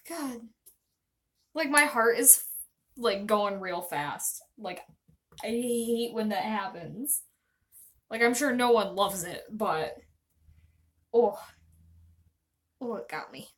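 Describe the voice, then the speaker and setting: A woman's voice: a little high, lively intonation, takes it slowly, pauses often, fairly bright tone. A young woman chatting casually on a live stream, rambling and self-deprecating.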